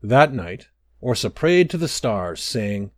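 A man giving a measured, expressive scripted storybook narration. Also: medium pitch, no echo, clean studio sound.

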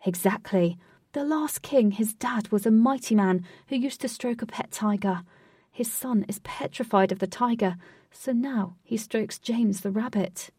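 A woman's voice: a little high, measured pace, mellow, husky, no room sound, clean studio sound, far from the mic. A woman voicing Wraith, a serious male guide who patiently lectures his companion in a storybook reading. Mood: earnest.

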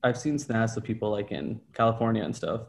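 A man's voice: on the low side, lively intonation, a little fast, gravelly. A man co-hosting a podcast in casual chat, joking and laughing often; English is not his first language. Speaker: podcast co-host.

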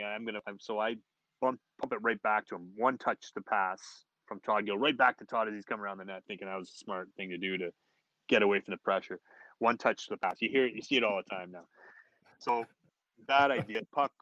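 A man's voice: fairly low pitch, no room sound, muffled recording. A man in his forties, a former hockey player, telling a story casually with laughs and restarts. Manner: animated, laughing, many restarts.

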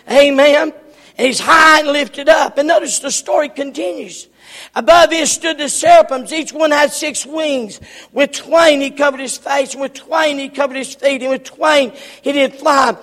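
A man preaching a sermon, often shouting and repeating words for emphasis. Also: very high voice, moderate pace. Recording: long hall reverb.

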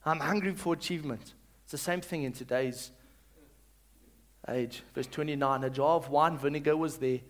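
Man preaching a sermon, raised voice, dramatic, loud calls then hushed reading, call-and-response. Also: on the high side. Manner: leads the congregation in call-and-response. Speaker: pastor.

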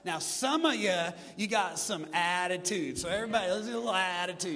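A man preaching to a congregation. His voice sits high for a man, and he keeps the crowd joining in. The sound rings with the long reverb of a big hall. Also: brisk, hardly any pauses. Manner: animated preaching, talks to the congregation and gets them to join in. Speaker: pastor. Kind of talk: sermon.

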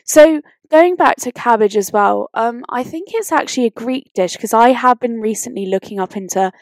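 A woman's voice: a little high, moderate pace, dry recording. A woman co-hosting a podcast, chatting casually and enthusiastically with lots of "you know". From Britain. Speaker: podcast co-host. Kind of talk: casual chat.

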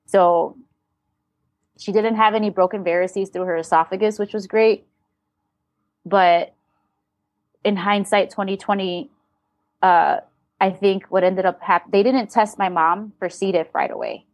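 A woman's voice: medium pitch, fairly even intonation, a little slow, long pauses, dry recording. A woman talking as an interview guest, telling a personal story candidly and bluntly, with swearing and re-enacted dialogue.

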